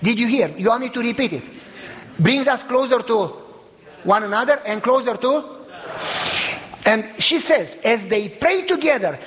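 High, lively-voiced man preaching in a hall. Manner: emphatic preaching, rising to shouts, frequent rhetorical questions. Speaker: pastor. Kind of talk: sermon.

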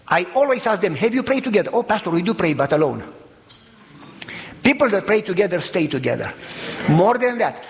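A pastor preaching an emphatic sermon, often asking the congregation questions and rising to shouts. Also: male voice, high voice, in a large hall, rough recording.

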